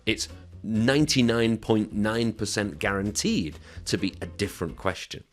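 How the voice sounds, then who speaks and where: A man's voice: lowish voice, normal speed, faint music behind. A man teaching English exam speaking skills, explaining a sample answer in an encouraging, instructive way and checking in with his listeners.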